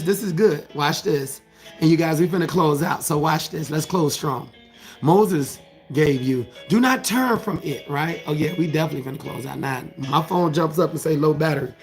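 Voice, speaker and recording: Man, motivational scripture talk, emphatic and repetitive, fry in the voice, talks right to viewers. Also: fairly high pitch. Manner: emphatic and repetitive, preacher-like cadence; talks straight to viewers, asks questions and answers them. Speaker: life coach.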